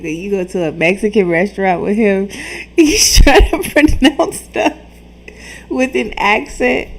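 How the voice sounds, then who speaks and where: Slow, teasing woman commentator. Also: mid-range voice, gravelly. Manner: teasing, laughs at him. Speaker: reaction commentator. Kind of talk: mocking commentary over clips.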